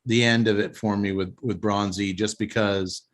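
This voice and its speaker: A man's voice: fairly low pitch, steady tone, moderate pace. Rambling opinionated man hosting a podcast. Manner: rambling, opinionated, frequent restarts. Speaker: podcast host. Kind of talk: casual chat.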